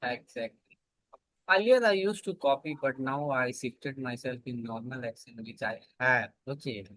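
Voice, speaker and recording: A man with an Indian accent in a casual English practice chat, halting and searching for his words. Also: mid-range voice, fairly bright tone, dry recording, rough recording.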